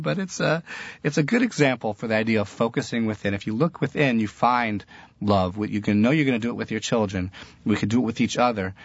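In a dull, lo-fi, dry recording with no room sound, a middle-aged teacher with a lowish voice delivers a Jewish religious talk. He tells stories earnestly, laughter creeping into his speech.

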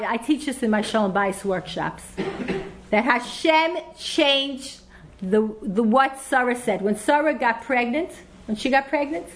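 A woman giving a lecture on parenting, taking questions from the audience, effusive and rambling with many restarts. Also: a little high.

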